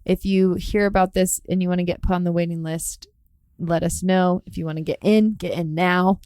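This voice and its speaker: A woman's voice: on the low side, fairly even intonation, normal speed, smooth, dry recording, clean studio sound. A woman co-hosting a podcast, encouragingly urging listeners to sign up for a course. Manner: warmly encouraging, promotional. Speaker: podcast co-host. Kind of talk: casual podcast chat.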